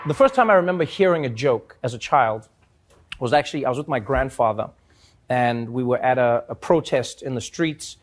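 Animated man telling stories. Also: mid-range voice, normal speed, faint music behind. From South Africa. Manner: animated, laughs often, acts out voices. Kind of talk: casual comic storytelling.

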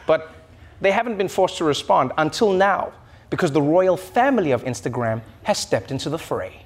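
A man delivering a comedy monologue as host, animated and mocking, slipping into shrill impressions. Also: normal speed. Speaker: late-night comedy host. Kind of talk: stand-up style monologue.

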